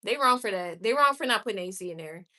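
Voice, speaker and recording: An expressive, pushed and bright mid-range voice comes from a woman livestreamer. She keeps things casual, chatty and candid, answering viewer comments with quick laughs and exclamations.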